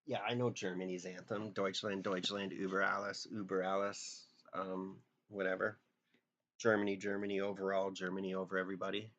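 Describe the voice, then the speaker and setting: A young man with a deep, low-pitched voice chats loosely on a live drawing stream. He rambles, jokes with his viewers and mumbles bits of songs he half remembers. Faint mouse clicks sit behind his talk. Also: little pitch movement, fairly quick, a bit bright, highs cut off, a little hiss or hum. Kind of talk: casual live-stream chat.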